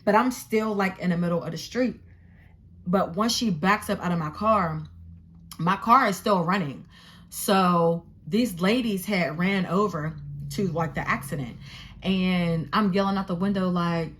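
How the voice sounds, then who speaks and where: A woman's voice: on the low side, measured pace. Exasperated young woman telling a story. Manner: animated, profane, exasperated storytelling. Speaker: vlogger. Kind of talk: casual storytime.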